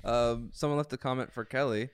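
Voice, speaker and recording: A man's voice: mid-range voice, a little fast, clear, resonant tone, no room sound. A man co-hosting a casual podcast, reading listener comments aloud. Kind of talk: casual chat.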